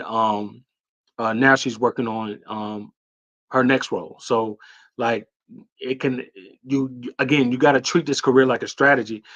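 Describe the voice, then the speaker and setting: A man hosting a casual livestream Q&A, talking loosely and with hype, with lots of fillers and shout-outs to viewers. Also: medium pitch, dull audio. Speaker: host.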